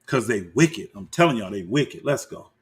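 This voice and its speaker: At medium pitch and normal speed, a slightly rough-voiced man reacts to clips with heated, combative commentary. He names the people he's calling out and speaks straight to viewers, animatedly calling them y'all.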